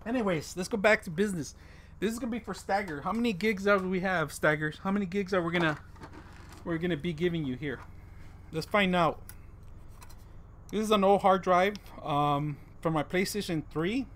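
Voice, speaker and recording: A man with a fairly high, slightly bright voice talks at a moderate pace, livestreaming from a home room where a dog is around. He jokes with his chat, keeps adding "man" to his sentences, and uses a desk condenser mic fitted with a pop filter.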